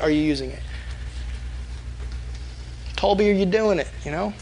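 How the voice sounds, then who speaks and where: A man's voice: high-pitched, normal speed, long pauses, darkish tone, a little hiss or hum, poor audio. A young man preaching a casual, conversational sermon as a youth pastor, often acting out prayers in a quoted voice.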